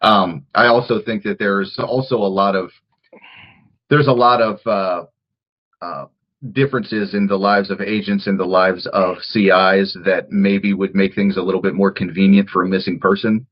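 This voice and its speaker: A man with a Midwestern US accent co-hosts a casual show discussion, in a low, husky voice. He talks haltingly, with plenty of ums and restarts. The sound is a bit muffled and lo-fi. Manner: hesitant, many fillers and restarts. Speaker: co-host.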